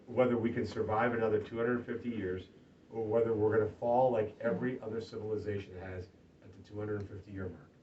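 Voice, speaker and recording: A man's voice: on the low side, a little hiss or hum. Man giving an emphatic campaign speech. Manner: emphatic, swings from loud rallying to hushed earnest. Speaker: political candidate. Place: party office meeting room. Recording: distant lo-fi room recording, faint ambience.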